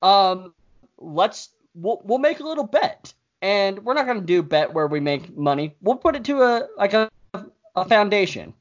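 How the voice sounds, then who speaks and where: A man in a casual chat, teasing a friend and telling stories in an animated way. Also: sits high, moderate pace. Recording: dull lo-fi audio.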